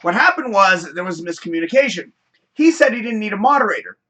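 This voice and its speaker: Male host, high bright voice, loose rambling anecdote with cursing. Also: fast talker. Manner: rambling, animated, swears freely. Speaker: show host. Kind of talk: casual storytelling on a live show.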